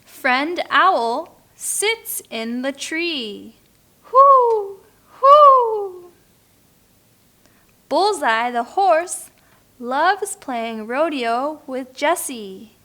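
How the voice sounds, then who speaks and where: A woman teacher reading a picture book aloud slowly and clearly for beginner learners, now and then making playful animal sounds. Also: high-pitched, expressive, a bit bright.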